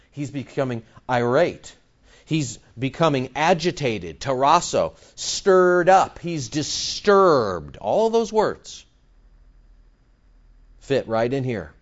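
A male pastor preaching a sermon with emphatic stress that swings between loud points and soft asides. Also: mid-range voice, highs cut off.

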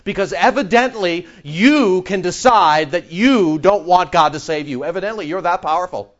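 A man preaching a sermon as pastor, animated and sarcastic, firing rhetorical questions at the congregation. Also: high-pitched, moderate pace, hardly any pauses, highs cut off.

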